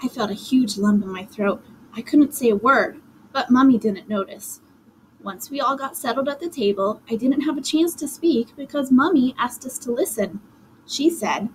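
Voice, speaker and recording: A woman reading a children's storybook aloud in a lively, dramatic first-person telling. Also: a little high, normal speed, slight background noise, rough recording. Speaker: audiobook narrator.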